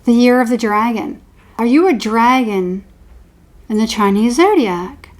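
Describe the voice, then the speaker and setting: A woman's voice: a little high, expressive, measured pace. A woman giving an intuitive horoscope reading, rambling and repeating words as she channels impressions. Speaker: tarot reader.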